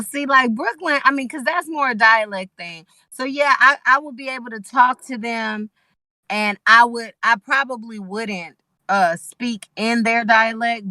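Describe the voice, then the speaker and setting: La woman guest on a stream, bright voice, dry sound, talks it through with lots of restarts. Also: medium pitch, no room sound, poor audio. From Los Angeles, USA. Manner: talkative, thoughtful, many restarts. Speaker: guest musician. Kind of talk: casual chat.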